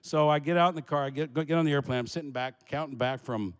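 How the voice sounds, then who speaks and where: A man from Alaska telling a comic story about himself, animated and laughing as he goes. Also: on the high side, fast talker, hardly any pauses, in a large hall.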